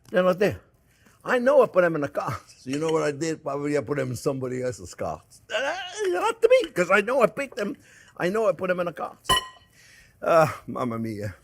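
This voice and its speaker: Middle-aged male cooking host, chatty and animated, tells stories while he cooks, mid-range voice. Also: mid-range voice. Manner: chatty, animated storytelling, exclamations. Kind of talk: casual cooking demonstration.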